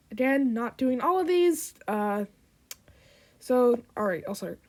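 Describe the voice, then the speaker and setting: A woman's voice: on the high side, animated, slow pace, a little mellow. A woman vlogger chatting casually in a giggly, self-deprecating way. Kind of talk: casual chat.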